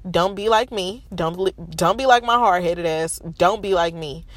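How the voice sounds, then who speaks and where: A woman's voice: on the low side, moderate pace, no echo. A woman in her thirties telling viewers a painful personal story from her parked car, frank and emotional, with a stuffy nose. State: stuffy nose from holding back tears. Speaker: vlogger. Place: parked car in a school parking lot.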